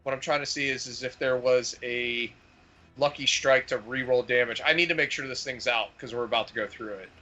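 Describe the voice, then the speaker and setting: A man playing a tabletop war game, talking in a halting way and repeating words while he checks the rules. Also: mid-range voice, fairly even intonation, bright, forceful tone. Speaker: player. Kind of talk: tabletop role-play chat.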